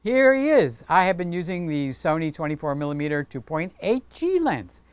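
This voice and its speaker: A man's voice: on the high side, sing-song, normal speed, smooth. A man hosting a casual livestream, chatting playfully with viewers and talking with his hands. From Greek heritage. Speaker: livestream host.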